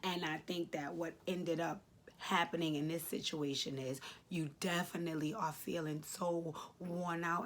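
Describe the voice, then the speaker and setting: A woman in her late thirties talks straight to camera in an earnest, emotional way, circling back to the same phrases to drive them home. Her voice sits low and has a breathy, husky edge. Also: flat delivery, moderate pace. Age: late 30s. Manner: earnest, emotional, repeats key phrases for emphasis; speaks directly to viewers, informal. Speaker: advice vlogger answering a letter. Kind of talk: heartfelt advice talk to camera.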